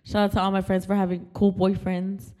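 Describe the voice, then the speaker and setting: A woman's voice: medium pitch, monotone, fairly quick, warm tone. A young woman co-hosting a casual chat, speaking in a supportive, chatty way and swearing casually. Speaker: podcast co-host.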